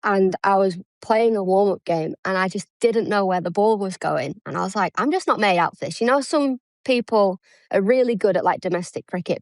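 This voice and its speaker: With a voice on the low side and no echo, an English woman in her thirties who used to play cricket talks casually as an interview guest. She pokes fun at herself and performs the lines she quotes.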